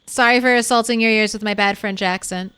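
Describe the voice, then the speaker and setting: A woman's voice: medium pitch, fairly even intonation, fairly quick, fairly bright tone, clean tone, no room sound. A young woman streaming a zombie survival game, chatting casually with viewers and laughing often. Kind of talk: casual gameplay commentary.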